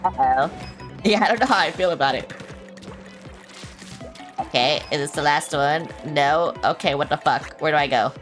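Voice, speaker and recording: A young woman with a low voice chats loosely while streaming a video game, blunt and quick to swear at herself. Faint music plays behind her. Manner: blunt, swears often, self-mocking. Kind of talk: casual live-stream chatter.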